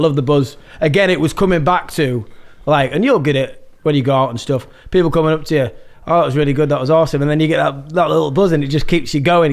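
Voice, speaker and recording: A man in his thirties with a Yorkshire accent, a podcast guest telling rambling stories about his music past, swearing and laughing often. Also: a little high. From England. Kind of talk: casual chat.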